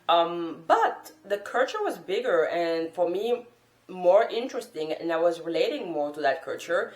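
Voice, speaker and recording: A woman from France, a native French speaker, talking to camera in an earnest, thoughtful and encouraging way as a language-learning vlogger. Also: deep voice. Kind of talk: casual talk to camera. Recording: roomy echo.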